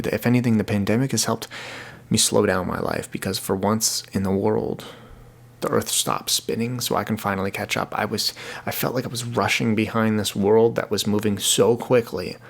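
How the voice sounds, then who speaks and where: The host, a young man with a lowish voice and vocal fry, carries his podcast solo. His casual monologue is earnest and rambling, with words repeated each time he restarts.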